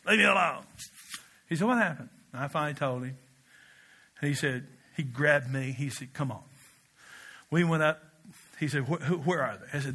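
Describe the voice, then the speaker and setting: A middle-aged male pastor from Kentucky, preaching a sermon with animated storytelling. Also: on the high side. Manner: animated storytelling with laughs and shouted quotes.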